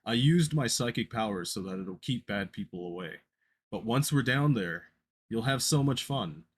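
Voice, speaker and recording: A man voicing a creepy, soothing creature that lures a child, speaking softly, slowly and in a hushed croon. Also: lowish voice, animated, slightly rough. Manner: soft, slow, hushed, crooning.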